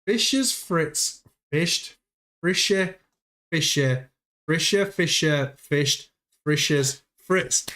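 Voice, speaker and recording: A man hosting a casual livestream, playful and quick to exclaim and laugh. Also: medium pitch, fairly bright tone. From United Kingdom. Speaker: livestream host.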